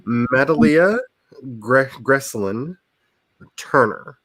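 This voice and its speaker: A man's voice: mid-range voice, animated, very slow, a bit bright, no room sound. A man hosting a casual livestream chat, talking in a rambling, self-deprecating way over a video call. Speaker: livestream host.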